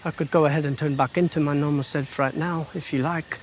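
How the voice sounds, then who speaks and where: A man's voice: on the high side, steady tone, fairly quick, a little hiss or hum, lightly acted. An American actor playing a polite, guarded young man with a put-on Norwegian accent.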